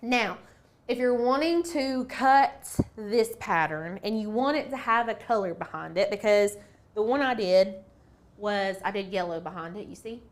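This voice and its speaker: A woman's voice: mid-range voice, expressive, measured pace, slight background noise. A woman hosting a casual craft tutorial, chatty and playful, thinking aloud as she works through each step. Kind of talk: casual screen-share tutorial.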